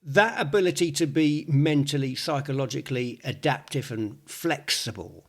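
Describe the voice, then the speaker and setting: A man's voice: medium pitch, moderate pace, a bit bright. A man, a psychologist hosting a podcast, who explains his ideas at length in casual conversation.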